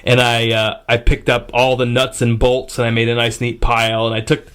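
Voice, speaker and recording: A man's voice: mid-range voice, completely flat delivery, moderate pace, a bit bright, clean tone. A man hosting a podcast, telling a story in a casual way, swearing freely and filling gaps with "uh" and restarts. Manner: profane, rambling with fillers and restarts. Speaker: podcast host.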